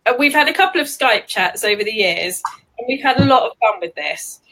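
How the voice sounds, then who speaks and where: An English woman hosting a casual live chat, chatty and quick to giggle. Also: fairly high pitch, animated, noisy background. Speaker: host.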